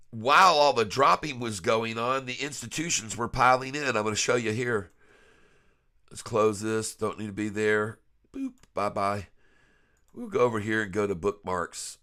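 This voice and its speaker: Man, congested, casual stock commentary, folksy, bright voice. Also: mid-range voice. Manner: folksy, chuckling, addresses viewers as folks. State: stuffed up nose. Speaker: stock trading vlogger. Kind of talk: casual screen-share commentary.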